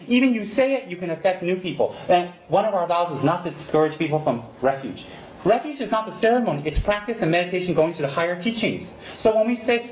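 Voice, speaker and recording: A man giving an unscripted Buddhist dharma talk to students, animated and teasing, mimicking excuses and repeating emphatic warnings. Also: high-pitched. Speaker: Buddhist teacher. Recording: roomy, dull lo-fi recording with faint hiss.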